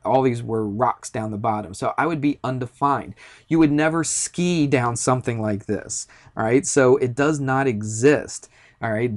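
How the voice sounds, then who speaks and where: Chatty male math teacher telling a story. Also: mid-range voice. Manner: chatty, storytelling, uses fillers and asides. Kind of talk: classroom lecture with a personal story.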